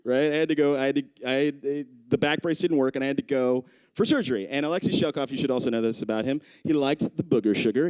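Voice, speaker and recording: On a club stage, a stand-up comedian in his thirties tells a story live into a handheld mic, acting out the people he quotes with big jumps in pitch. His voice is a little mellow, and the recording is dry.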